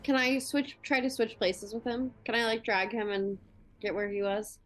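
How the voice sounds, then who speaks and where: Woman player, unsure and halting, higher voice, faint music under. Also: fairly even intonation. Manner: hesitant, tentative questions. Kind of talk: casual tabletop game play.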